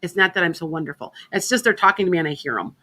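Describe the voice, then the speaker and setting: A woman's voice: lowish voice, animated, rapid-fire, bright, forceful tone. A woman hosting a psychic radio show in casual, rambling chat, often restarting her sentences. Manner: chatty, rambling, self-interrupting.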